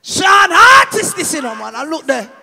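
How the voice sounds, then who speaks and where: A man hyping a live dance as MC, shouting excited calls. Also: extremely high pitch, normal speed, vocal fry. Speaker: sound-system MC. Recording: live dance with hall reverb and music.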